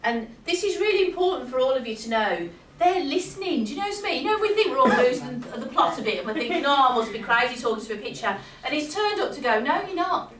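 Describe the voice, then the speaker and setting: Woman, chatty medium, fairly high voice, echoey hall, heard from a distance. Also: animated, quick pace, few pauses, fairly bright tone, slight background noise. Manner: chatty, laughs often, checks in with "you understand?". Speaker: medium reading for an audience. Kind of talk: live stage reading.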